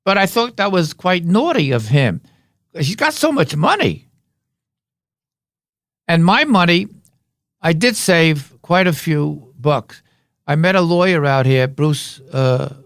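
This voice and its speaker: A man's voice: a little high, expressive, slow, pauses often, no echo, studio quality. Rambling older man telling stories. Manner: rambling, anecdotal, telling jokes. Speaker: guest. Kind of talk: casual storytelling. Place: podcast studio.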